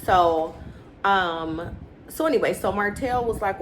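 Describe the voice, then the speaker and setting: A woman recapping a reality show in casual, opinionated chat, acting out quotes with animated inflection. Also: mid-range voice, slow, slight background noise, rough recording.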